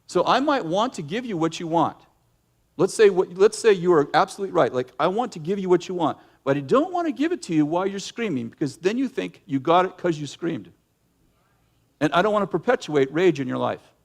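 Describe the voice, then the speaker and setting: Man, middle-aged, pastor, sermon, fairly high voice, animated delivery. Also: brisk. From United States. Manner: animated preaching, acts out yelling in bursts.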